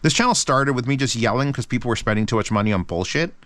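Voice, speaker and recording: A man hosting a casual review channel, talking in an excitable, rambling way with lots of swearing. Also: medium pitch, fast talker, dry recording.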